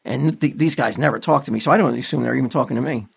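A man's voice: mid-range voice, rapid-fire, gravelly, slightly rough. A man telling a story in casual chat, swearing a lot and acting out what others said. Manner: animated storyteller, swears often, acts out quotes.

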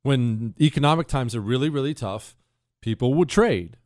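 A middle-aged man hosting a talk radio show, delivering an opinionated monologue in an animated, indignant way that swings between loud outbursts and quiet asides. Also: medium pitch, moderate pace, dry recording, studio quality.

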